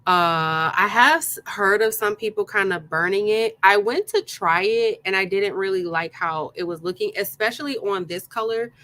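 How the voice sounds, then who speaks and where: A woman's voice: medium pitch, moderate pace, hardly any pauses, sharp tone, low-quality recording. A woman hosting a live craft tutorial, chatting casually and greeting her viewers one by one by name, with plenty of ums along the way. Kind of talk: casual live-stream chat.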